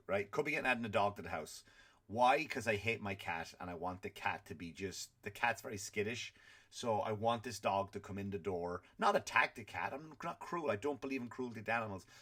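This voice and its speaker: Man, comedy podcast host, profane rant, conversational, mid-pitched. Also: fairly bright tone.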